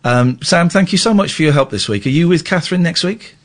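A man's voice: a little high, animated, brisk. A man hosting a late-night radio show, joking and self-mocking, rambling with restarts into a studio microphone. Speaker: radio host.

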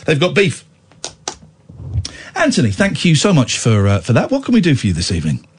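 A man's voice: on the high side, huge pitch swings, fairly quick, slight background noise. A man hosting a late-night radio phone-in, joking, singing bits and laughing with callers. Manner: playful, sings and mimics, laughs a lot.

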